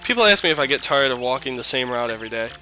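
A man's voice: mid-range voice, expressive, rapid-fire, bright, forceful tone, faint music behind. A man reading the lines of a chatty, cheerful game townsperson.

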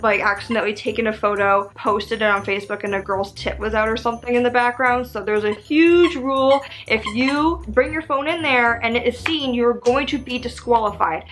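A woman's voice: fairly high pitch, fairly bright tone. A young woman from Canada, telling a frank storytime to camera, swearing freely and saying "like" a lot. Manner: chatty, frank, swears freely, heavy use of "like". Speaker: vlogger. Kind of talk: casual storytime monologue.

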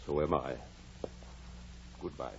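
An actor playing a blunt but caring older country doctor in a 1940s radio drama, wry and then gravely earnest. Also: male voice, rumbling low, steady tone, slow pace, darkish tone. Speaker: Doctor Kenneth. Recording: dull, faintly hissy 1940s radio broadcast.

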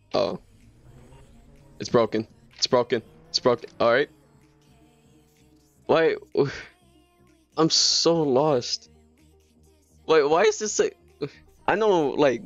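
A man streaming a video game live, chattering excitably and repeating himself in quick bursts. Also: medium pitch, creaky, no echo. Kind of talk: casual live gameplay commentary. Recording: dull lo-fi stream mic.

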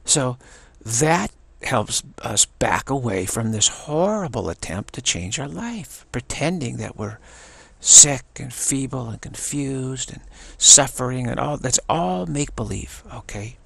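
A man's voice: mid-range voice, sing-song, a little slow, few pauses, a bit bright, no room sound. An older man giving a spiritual talk, repeating himself and restarting phrases often. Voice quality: gravelly, husky. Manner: repetitive, stammering restarts. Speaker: spiritual teacher.

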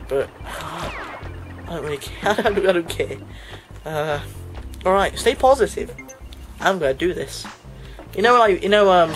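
In a low-quality recording with game music playing, a medium-pitched commentator chats casually over a let's play. He breaks into frustrated outbursts and mocks himself, laughing at his own expense.

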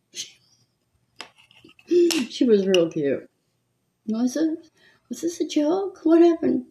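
This older makeup vlogger has a mid-range, a little mellow voice and a Southern accent, though she's from California. She chats casually while doing her makeup, gossiping, rambling, and laughing often.

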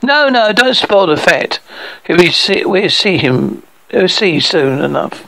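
A man voicing an excited, conspiratorial adult male friend in an audiobook reading, in a raised, eager tone. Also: sits high, a little slow, creaky, full character voice, rough recording.

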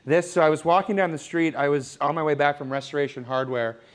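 A man's voice: a little high, fairly even intonation, quick pace, natural voice. A young man playing a smug, oblivious rich guy who shows off his loft in a rambling, boastful, mock-sentimental way. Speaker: comedic character giving a home tour. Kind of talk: improvised parody home-tour sketch. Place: apartment loft, walking room to room.

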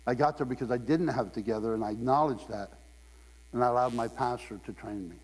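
Animated male preacher in echoey church. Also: medium pitch, fast. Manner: animated storyteller, acts out quotes in raised voice. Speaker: guest preacher. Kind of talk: sermon with humorous stories. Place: church sanctuary. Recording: long hall reverb, mains hum.

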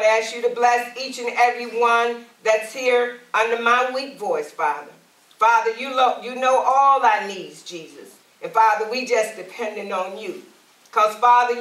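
A woman's voice: on the high side, a bit bright. Woman evangelist preaching in an echoey room. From Alabama. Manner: calls out to the congregation, rising and emphatic. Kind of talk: sermon and prayer. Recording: roomy and distant from the mic.

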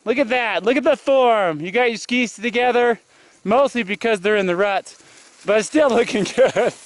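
Outdoors on a snowy hill, a man films his friends on a ski trip with a handheld camera, cheering them on and teasing them with lots of laughter in casual commentary. His voice is very high, his speed normal, and there's no room sound.

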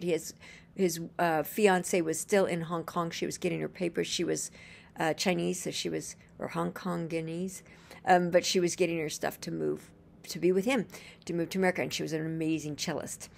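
A woman's voice: lowish voice, flat delivery, a little fast, gravelly, darkish tone. A woman telling a personal story in a casual, earnest and gushing way, chaining events with "and then" as she rambles along.

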